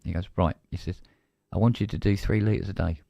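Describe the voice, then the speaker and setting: A man's voice: sits low, steady tone, fairly quick, creaky, warm tone, no echo, muffled recording. A man with a British accent, co-hosting a casual live-stream chat and telling a story by acting out both sides of a conversation. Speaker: co-host.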